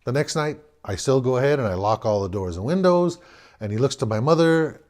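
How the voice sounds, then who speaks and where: A man's voice: mid-range voice, expressive, a little fast, darkish tone. A man in his forties from the Los Angeles area tells a story from his own life in an easy, rambling way. He has a mid-range voice and a wry tone, and he often repeats and restarts his words as he goes. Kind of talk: personal storytelling.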